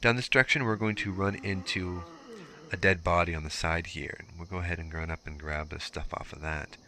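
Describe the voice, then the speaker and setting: A man's voice: low voice, steady tone, fairly quick, bright, forceful tone, a little hiss or hum. A young man giving casual, explanatory walkthrough commentary over gameplay, with filler words as he goes. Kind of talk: let's play walkthrough commentary.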